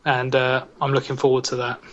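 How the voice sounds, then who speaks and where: A man's voice: medium pitch, completely flat delivery, fairly quick, lo-fi sound. A British man hosting a casual podcast, joking and teasing his co-hosts. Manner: jokey, teasing banter. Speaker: podcast host. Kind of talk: casual chat.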